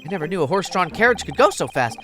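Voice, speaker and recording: A woman's voice: lowish voice, very animated, racing, over music. A woman voicing a wry, nervous young male law student in a dry, plain tone.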